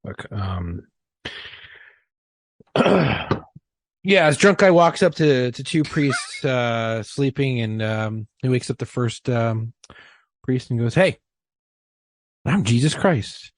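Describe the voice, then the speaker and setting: A man co-hosting a podcast, telling jokes in casual chat with halting, um-filled delivery. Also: medium pitch, dry recording. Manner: halting, with ums and restarts while telling jokes. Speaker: podcast co-host.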